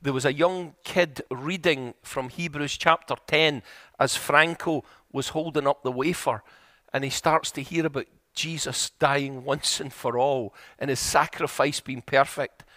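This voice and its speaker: A man's voice: a little high, steady tone, unhurried, bright, forceful tone, dry recording, clean studio sound. A middle-aged man preaching a sermon in a church, telling stories earnestly and building to emphatic, repeated points.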